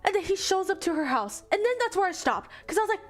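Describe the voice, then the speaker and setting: A young woman streamer retelling a story in casual chat, exasperated, animated and swearing freely. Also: very high-pitched, quick pace, few pauses, soft background music.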